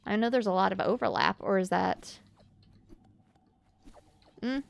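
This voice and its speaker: A woman's voice: medium pitch, measured pace, vocal fry. A woman from Louisiana chatting with her stream chat while she plays a game, musing and reading comments aloud.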